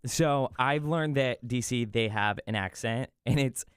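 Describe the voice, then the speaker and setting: A man speaking as a political guest on a talk radio show, wry and measured, with some fillers. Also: mid-range voice, smooth, no room sound, clean studio sound. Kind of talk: casual radio interview.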